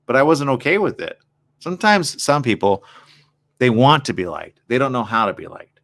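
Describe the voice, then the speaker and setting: A man's voice: mid-range voice, very animated, moderate pace, a bit bright. A man hosting a morning show, talking candidly and reflectively in a personal monologue, often asking rhetorical questions.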